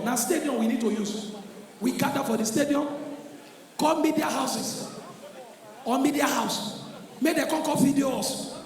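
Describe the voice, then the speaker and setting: A Nigerian man doing a stand-up comedy routine on a live stage, loud and excitable, often breaking into shouts. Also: extremely high pitch. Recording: echoey live venue with crowd.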